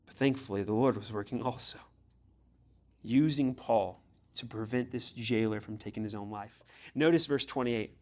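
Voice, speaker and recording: Speaking at a moderate pace in a lowish, slightly mellow voice, a pastor preaches earnestly and directly to his youth group. He presses them with blunt questions and sometimes acts out the voices in scripture.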